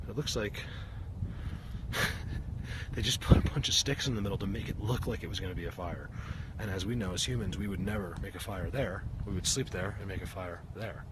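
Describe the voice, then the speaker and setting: A man walks a mountainside with his camera and talks to his viewers with eager, breathless energy. His voice sits fairly low, and clear outdoor noise runs under everything he says. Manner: animated, talks to viewers while filming. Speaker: vlogger. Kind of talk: excited outdoor vlog narration.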